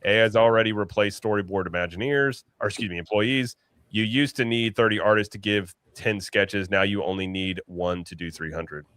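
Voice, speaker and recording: A man with a slightly low voice hosts a relaxed late-night livestream chat. He talks in a loose, chatty way, often restarting mid-sentence. The sound is dry and close. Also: fairly quick, no echo. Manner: chatty, restarts and self-corrections. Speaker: podcast host.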